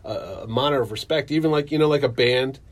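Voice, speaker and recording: A man who runs a comic convention, chatting casually and acting out quotes from his stories. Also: fast talker. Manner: animated storyteller, acts out quotes in a higher excited voice. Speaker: convention promoter. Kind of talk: casual chat.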